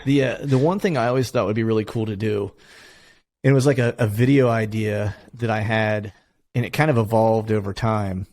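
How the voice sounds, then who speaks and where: A man with a Pennsylvania accent chatting loosely as a podcast host, his voice sitting a bit low. He talks in long, meandering sentences padded with fillers. The sound is dry and close, with no room around it. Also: fairly even intonation, a little fast, a little mellow, no room sound. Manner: rambling, many fillers, acts out locals in higher voices. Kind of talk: casual conversation.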